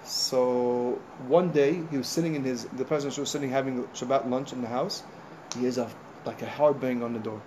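A man's voice: mid-range voice, brisk, slight background noise. A man, a rabbi, giving an informal sermon, telling stories in a conversational way with many "you know" asides and acting out what people said. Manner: animated storyteller, acting out conversations.

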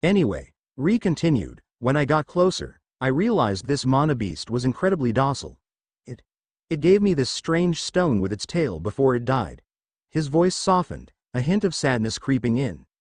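A man's voice: mid-range voice, very animated, moderate pace, no echo, studio quality. A man reading a fan fiction story aloud in an audiobook style, giving the characters small voice shifts.

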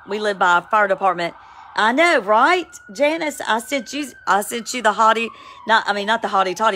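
A woman, giving a casual, emphatic spoken devotional, with sudden excited high cries. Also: a little hiss or hum. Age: 50s. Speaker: Christian devotional vlogger. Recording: home, with a siren outside.

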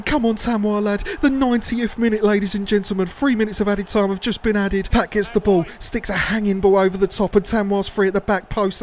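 A man giving comedic, excitable commentary over a football video game, shouting players' names with crude jokes. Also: fairly high pitch. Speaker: gaming YouTuber and commentator.

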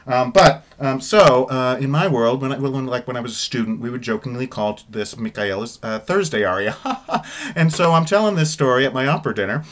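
A man's voice: mid-range voice, fairly quick, a bit bright. Chatty middle-aged man giving casual commentary. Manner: chatty and digressive, swears offhandedly. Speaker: baritone singer discussing an opera recording.

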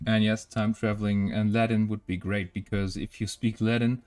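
A man's voice: fairly low pitch, little pitch movement, normal speed, darkish tone, clear, resonant tone, faint music behind. A German man with a German accent, chatting casually and hesitantly while painting miniatures, with many filler sounds.

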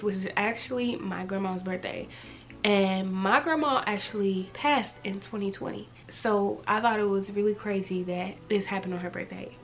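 A woman in her twenties telling a personal story in a casual, chatty way, full of "like" and repeats. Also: mid-range voice. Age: 20s. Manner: animated, chatty, heavy use of "like". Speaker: vlogger.

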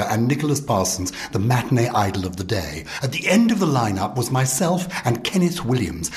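An older man reminiscing in an eloquent, animated storytelling manner. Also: medium pitch. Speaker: guest panellist. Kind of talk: reminiscing interview.

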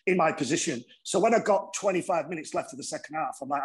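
A middle-aged man with a northern English accent, a former rugby player telling stories in a casual interview, animated and swearing freely. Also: fairly high pitch, fast. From northern England. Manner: animated, swears freely, acts out voices in anecdotes.

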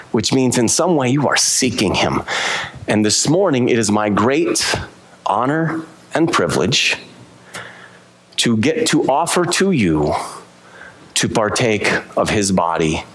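Pastor guy preaching in a church, voice all over the place pitch-wise, slows way down to hit the big points. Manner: animated preaching with sweeping pitch, slowing for emphasis. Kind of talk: sermon. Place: church sanctuary.

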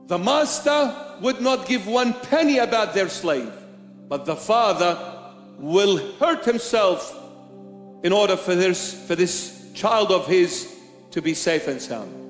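Man, bishop, slow emphatic sermon, high voice, long church reverb, faint music behind. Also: animated. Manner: emphatic, repetitive rhetorical preaching.

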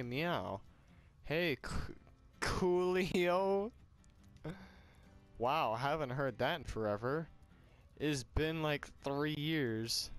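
This let's player is a young man whose voice is smooth and medium-pitched. Over a glitchy home mic, he reads a game's dialogue while cursing, laughing, and doing character voices in a relaxed, offhand way.

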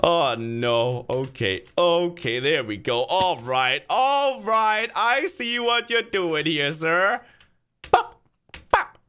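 Man, casual game commentary, talks to himself, excitable, very lively pitch, bright tone. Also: slow, smooth. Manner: sudden loud outbursts of frustration and joy. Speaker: gaming video creator. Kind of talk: casual let's-play commentary.

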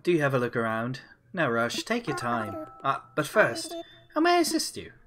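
A woman's voice: extremely low pitch, little pitch movement, moderate pace, over music. A woman voicing a fussy, scholarly male owl who curates a museum, in a prim put-on posh manner.

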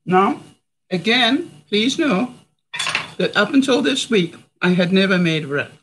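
A woman's voice: medium pitch, animated, unhurried, noisy background. A chatty middle-aged woman from Canada cooking in her home kitchen during a live stream, talking to her viewers and laughing often. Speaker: vlogger. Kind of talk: casual live cooking demonstration.

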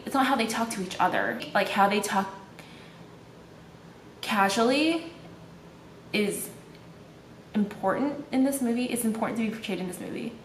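A woman's voice: medium pitch, a bit bright, slight background noise. A young woman from Malaysia chatting casually in a vlog, with lots of "like" fillers. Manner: chatty, heavy use of "like" fillers. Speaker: vlogger. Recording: echoey room with faint ambience.

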